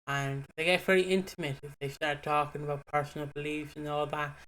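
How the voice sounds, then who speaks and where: A man's voice: on the high side, little pitch movement, fairly quick, fairly bright tone, slight background noise. A man co-hosting a casual podcast, recapping the plot with hesitant fillers. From Britain. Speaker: podcast co-host. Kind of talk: casual chat.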